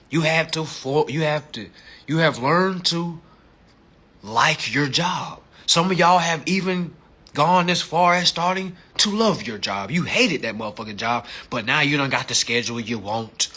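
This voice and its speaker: Husky high-voiced guy cussing up a storm about jobs, aave, jumps from mumbling to yelling. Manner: animated, swings between low mutters and loud outbursts; heavy cursing, acts out quoted voices. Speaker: social media live streamer. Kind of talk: profane motivational rant.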